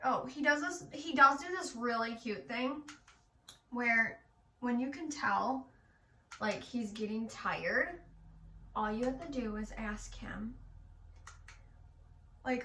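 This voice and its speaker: Bright chatty young mom, echoey room. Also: female voice, fairly high pitch, takes it slowly, long pauses, far from the mic, slight background noise. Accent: Michigan. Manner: chatty, animated, swears casually. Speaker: mom vlogger. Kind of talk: casual storytelling while getting ready.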